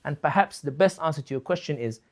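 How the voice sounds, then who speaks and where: A man's voice: fairly high pitch, expressive, fast. A man, likely a young adult, speaking as a political commentator in an impassioned talk, fervent and rhetorical, building points with repeated questions.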